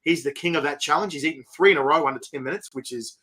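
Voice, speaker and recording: An Australian man hosting a casual online interview, excitable and rambling with lots of fillers. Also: fairly high pitch, quick pace. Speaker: host. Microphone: video call.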